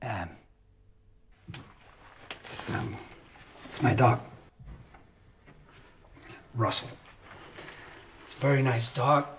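An awkward man who rambles on in nervous small talk, in a film drama. He talks slowly, in a mid-pitched voice. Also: a bit bright, slight background noise. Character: awkward talkative man stuck in a lift.

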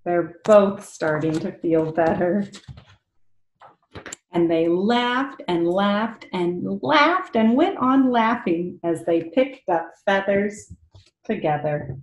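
A woman reading a picture book aloud to children, expressive and pausing to ask them questions. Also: medium pitch, a little hiss or hum. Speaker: read-aloud storyteller for children. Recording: echoey room.

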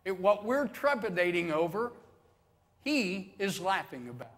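A man's voice: sits high, very animated, unhurried, a bit bright, big-room sound. A man preaching a sermon as pastor, folksy and joking, building to swelling emphasis on key phrases. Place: church sanctuary.

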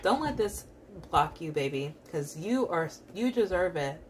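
Young female tarot reader, lower register, casual and reassuring, lots of affirmations. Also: expressive, unhurried, slight background noise. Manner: encouraging, repetitive affirmations; casual with frequent fillers. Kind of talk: pick-a-card tarot reading.

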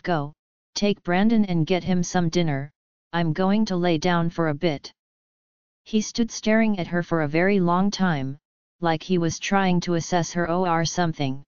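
A woman narrating an audiobook in an even, steady reading voice that changes little between characters. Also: lowish voice, clean tone, dry recording. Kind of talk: scripted narration. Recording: dull, slightly lo-fi dry recording.

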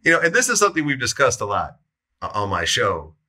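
A man hosting an interview, prompting his guest in a relaxed way and summing up stories. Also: mid-range voice, quick pace. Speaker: interviewer, show host. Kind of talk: interview questions.

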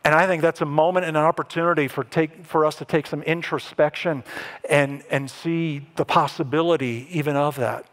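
A man preaching a sermon as pastor, animated and dramatic, acting out the lines he quotes. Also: fairly quick. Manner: animated, acts out quoted lines with rising pitch and emphasis.

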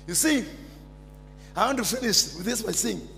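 A man with a Kenyan accent preaching a fiery sermon, jumping from shouts down to near-whispers. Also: high-pitched, expressive, normal speed, creaky, soft background music. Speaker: pastor. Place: large church hall. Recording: long church reverb.

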